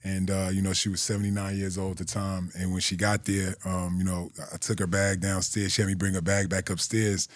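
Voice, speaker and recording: A man's voice: sits low, level tone, brisk, few pauses, no room sound. A man in his forties, a guest telling stories in a loose, profane way and laughing through them. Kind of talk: casual storytelling.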